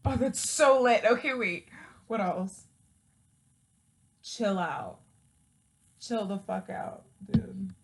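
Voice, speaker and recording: A woman's voice: mid-range voice, drawn-out words, long pauses, background noise. A woman chatting casually to her viewers, laughing often and scolding her cat, with frequent swearing. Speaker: vlogger. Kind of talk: casual chat to camera.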